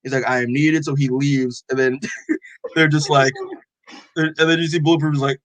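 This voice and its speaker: A man's voice: on the high side, little pitch movement, normal speed, a bit bright, no room sound, rough recording. A man co-hosting a podcast, casually recapping a comic with lots of "like" and acted-out dialogue. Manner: rambling, full of "like" and quoted dialogue. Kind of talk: casual chat.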